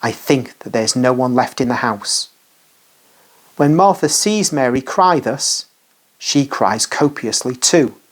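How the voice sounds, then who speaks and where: Slow solemn devotional narrator. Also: medium pitch, expressive.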